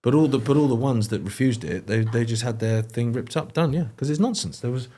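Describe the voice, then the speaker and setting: A man's voice: medium pitch, lively intonation, fairly quick, dark tone. A man with a British English accent, chatting casually as a guest, telling rambling anecdotes full of fillers and restarts. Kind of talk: casual conversational chat.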